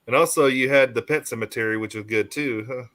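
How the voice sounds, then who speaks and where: A man's voice: medium pitch, a little fast, a crowd in the background. A man with an easygoing, laid-back way of talking joins a podcast chat. He keeps tagging his lines with "you know" and "huh.". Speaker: guest.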